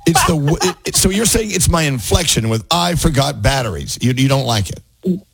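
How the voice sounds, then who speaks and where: A man's voice: a little high, very animated, moderate pace, creaky, breathy edge, no echo, soft background music. A man hosting a radio show, chatting casually in the studio and laughing often.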